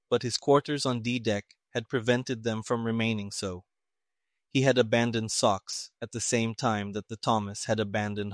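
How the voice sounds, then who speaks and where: A man's voice: mid-range voice, dry recording. Man narrating an audiobook, dry sound.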